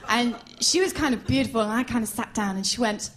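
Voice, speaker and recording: A woman doing stand-up comedy, chatty and animated, laughing along as she tells a story and puts on voices. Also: fairly high pitch, quick pace, a little hiss or hum. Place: comedy stage before an audience.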